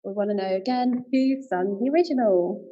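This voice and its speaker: A woman's voice: medium pitch, a little fast, highs cut off. A woman co-hosting a livestream music quiz, friendly and giggly, with plenty of fillers. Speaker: quiz co-host.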